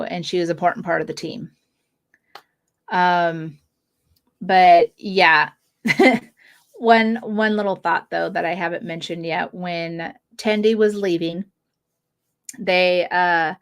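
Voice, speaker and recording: This woman hosts a fan podcast, reviewing episodes casually. Her mid-range voice is chatty and giggly, and she drops in quick quoted asides.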